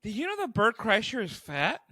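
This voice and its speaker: Lively, bright-voiced young male podcaster. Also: high voice, fairly quick. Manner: profane, joking, mimics others mid-story. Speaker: podcast co-host. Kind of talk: casual podcast chat.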